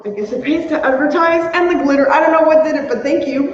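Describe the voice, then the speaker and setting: A woman hosting a casual crafting livestream, chatty and excitable, squealing when she is delighted. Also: sits high, fast talker, few pauses. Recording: roomy, dull lo-fi sound with faint hum.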